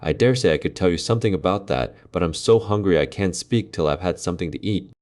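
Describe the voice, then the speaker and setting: A man's voice: sits low, fast talker, darkish tone, close to an everyday voice. A man voicing Jack, a poor, bold young lad who speaks eagerly. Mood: cheeky.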